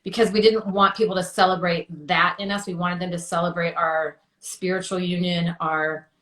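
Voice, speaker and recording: A woman's voice: on the low side, little pitch movement, moderate pace, a bit bright, echoey room. A woman in her thirties telling her personal story as an interview guest, chatty with many fillers and acting out quotes.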